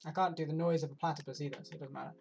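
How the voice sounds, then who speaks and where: A woman streaming a video game, reacting out loud, talking to herself and swearing often. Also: low-pitched, steady tone, rapid-fire, vocal fry, slight background noise. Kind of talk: live gameplay commentary. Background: game music.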